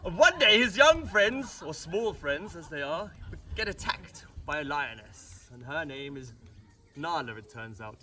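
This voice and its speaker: Give me a jokey British man telling a story at home, slightly high voice. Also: sing-song, unhurried, sharp tone, far from the mic. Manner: rambling, jokey asides, frequent restarts. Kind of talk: comic family retelling. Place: family home at Christmas.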